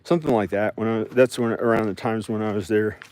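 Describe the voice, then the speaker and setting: A man's voice: lowish voice, steady tone, a little fast, darkish tone, dry recording. A man in his forties from the South, talking in a meandering casual vlog and often repeating himself and restarting. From American South. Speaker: vlogger. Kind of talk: rambling casual vlog monologue.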